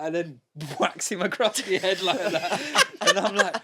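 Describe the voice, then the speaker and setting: A man with a slightly high voice chats on a relaxed dads' podcast. He halts and restarts often, breaking into laughter mid-sentence. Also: normal speed, hardly any pauses. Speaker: podcast co-host. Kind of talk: casual chat among dads.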